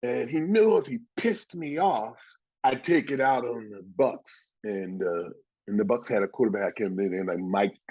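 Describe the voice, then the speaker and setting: A man's voice: mid-range voice, normal speed, breathy edge, highs cut off. A man in his sixties, a former pro football player, telling stories in a casual interview and acting out the voices of the people in them. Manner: animated storyteller, acts out quoted voices.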